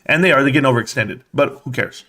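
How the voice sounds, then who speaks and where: A man hosting a live stream from his home desk, talking in a casual, rambling way and speaking straight to his viewers with quick bursts of excitement. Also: medium pitch.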